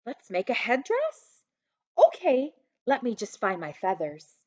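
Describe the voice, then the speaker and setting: A woman's voice: a little high, wildly swooping pitch, a little slow, exaggerated voice. A woman voicing a cheerful, giddy little girl who eagerly mishears everything her mother says, in a storybook reading. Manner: bright, eager and bouncy. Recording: dull lo-fi recording.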